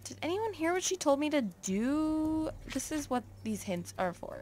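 A woman's voice: high voice, sing-song, normal speed, darkish tone. A woman giving casual, self-mocking commentary while playing a game, often mumbling to herself. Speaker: let's play gamer.

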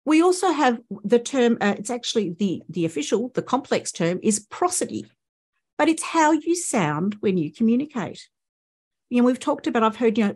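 A woman's voice: medium pitch, expressive, moderate pace, a little mellow, breathy edge. A woman with an Australian accent, a speech pathologist giving a conference presentation and explaining points with rhetorical questions to the audience.

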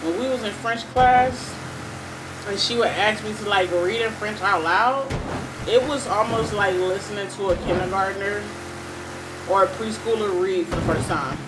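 A woman's voice: medium pitch, moderate pace, background noise. A young woman with a Cleveland accent giving chatty, rambling gameplay commentary straight to her viewers. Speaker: gaming YouTuber. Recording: voice over loud game sounds.

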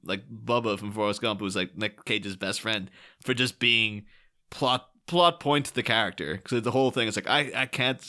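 A man co-hosting a casual podcast, enthusiastic and quick to laugh, often restarting his sentences. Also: fairly low pitch, pushed and bright.

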